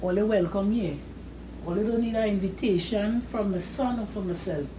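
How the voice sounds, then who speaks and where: A woman's voice: medium pitch, normal speed. Woman giving blessings outdoors. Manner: warm-hearted, gives blessings. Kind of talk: blessing the gathered guests. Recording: echoey, distant, noisy outdoor ambience.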